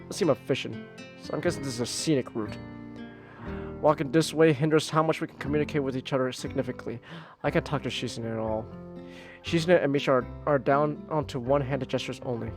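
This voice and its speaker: A male streamer reading a visual novel aloud, animated, prone to loud profane outbursts. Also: mid-range voice, quick pace, over music.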